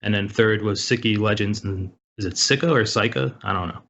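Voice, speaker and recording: A man's voice: on the low side, level tone, a little fast, a bit bright. A man co-hosting a gaming news segment, reading tournament results in a matter-of-fact way. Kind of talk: reading esports results casually. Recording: dull lo-fi call audio.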